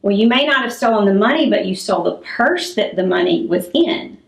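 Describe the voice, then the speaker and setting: A middle-aged woman teacher giving a classroom lesson on public speaking, clear and demonstrative as she acts out examples. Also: medium pitch, expressive, a little fast. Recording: echoey room.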